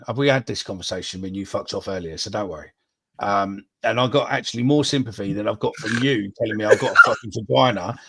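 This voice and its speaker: Slightly bright and medium in pitch, this man's voice carries blunt, profanity-laced chat as he co-hosts a casual live-streamed football podcast.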